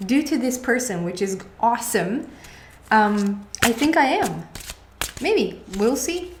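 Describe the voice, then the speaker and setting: A woman's voice: on the high side, sing-song, slow. A woman tarot card reader talking casually to her viewers in a rambling, chatty way, full of restarts and asides. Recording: echoey room with noticeable background noise.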